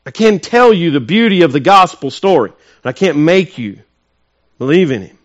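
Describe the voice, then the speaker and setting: Male pastor, high tenor voice, emphatic preaching that swells loud then drops to hushed asides, asks the congregation questions. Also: lively intonation, moderate pace, lo-fi sound. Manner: emphatic preaching, rising to loud peaks and dropping to soft, intimate asides. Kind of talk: sermon.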